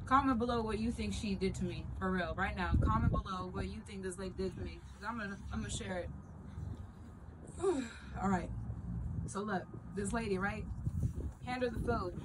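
A woman's voice: medium pitch, moderate pace. A woman from Arizona, a musician and street evangelist, talking in a fervent, preachy casual vlog outdoors by a store. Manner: fervent, preachy, says things loudly. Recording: outdoor street noise with traffic.

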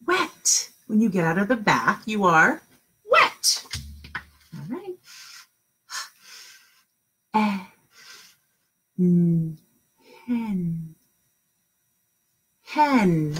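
A woman kindergarten teacher leads an online phonics lesson. Her voice swoops up and down in a lively sing-song, unhurried and a little breathy. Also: medium pitch. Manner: slow, sing-song teacher voice with drawn-out sounds and praise.

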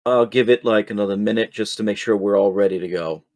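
A man's voice: fairly low pitch, fast, darkish tone. Laid-back man with a scratchy voice. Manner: laid-back, hesitant with many ums. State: slightly soft, scratchy voice. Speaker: game master. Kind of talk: running a tabletop game.

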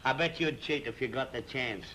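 An actor playing an excitable working-class man made king, chatty and bossy, full of slang, in a 1930s film comedy. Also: medium pitch, normal speed, noisy background, close to an everyday voice. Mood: boisterous.

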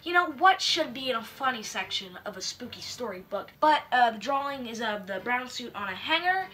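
Young woman host, sharp high voice, sarcastic slangy deadpan delivery, faint music behind. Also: a little fast. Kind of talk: comedic story review.

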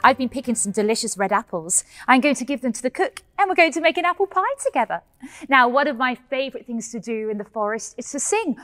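A bubbly young fairy-tale heroine, played by a woman, leads children through a pantomime vocal warm-up. Her high voice swoops up and down with lively, giggly, sing-song energy. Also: fast talker. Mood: cheerful. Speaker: pantomime performer teaching children. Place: indoor hall.

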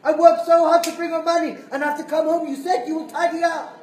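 A man voicing an exasperated wife who shouts at her husband. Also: flat delivery, fast talker. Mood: furious shouting. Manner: shrill, shouting, indignant. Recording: roomy, distant mic, faint hiss.

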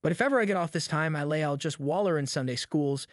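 A man's voice: on the high side, quick pace, no room sound, clean studio sound, close to an everyday voice. A man voicing two frightened backwoods boys who whisper in a rustic drawl. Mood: scared whisper. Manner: rustic dialect drawl, hushed and fearful.

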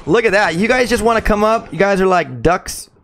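Young male streamer, excitable live commentary, slightly high voice, chats with viewers. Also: fairly quick, slight background noise. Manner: excitable, chatty, greets viewers, calls them bro. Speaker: gaming streamer.

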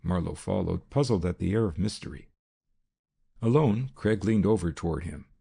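Deep, gravelly male audiobook narrator. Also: moderate pace, dark tone. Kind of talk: first-person audiobook narration.

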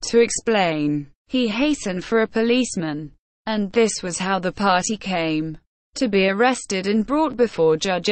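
A woman narrating a classic novel as an audiobook in a slow, measured reading. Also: mid-range voice, dry recording. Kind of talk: scripted narration.

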